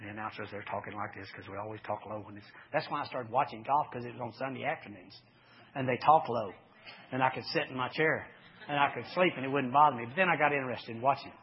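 A man preaching a folksy sermon, swinging from loud to hushed as he tells sports stories. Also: medium pitch, quick pace, a little hiss or hum. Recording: dull lo-fi recording.

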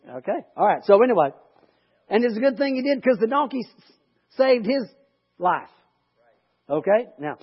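A man's voice: high-pitched, slightly rough. A man leading a Bible study, reading scripture and breaking off into rambling, joking asides. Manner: chatty, rambling, self-interrupting. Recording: lo-fi recording.

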